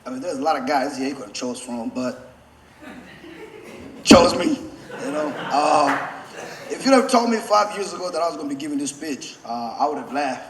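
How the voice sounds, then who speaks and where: A man giving a best man's toast, choked up and holding back tears, halting with many fillers and restarts. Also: fairly high pitch, animated, a bit bright. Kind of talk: wedding toast. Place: wedding reception hall. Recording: echoey reception hall with faint background noise.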